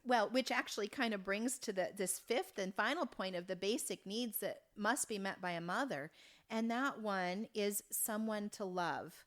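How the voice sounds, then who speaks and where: Woman in her 50s, podcast guest, earnest, keeps restarting sentences, medium pitch. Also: fairly bright tone. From Oregon, USA. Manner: earnest, halting, with many restarts. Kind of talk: conversational storytelling.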